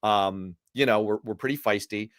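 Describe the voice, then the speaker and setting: A man's voice: fairly low pitch, moderate pace, no room sound, studio quality. A man hosting a live-stream political commentary show, feisty and jokey, talking with a guest and reading out viewer comments. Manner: animated and feisty, jokey asides. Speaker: host.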